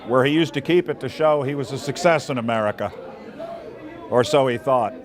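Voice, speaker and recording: A man reads a personal memoir aloud at a mid pitch, his storytelling fond and reminiscing. A faint murmur of people carries behind him. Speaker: memoir reader.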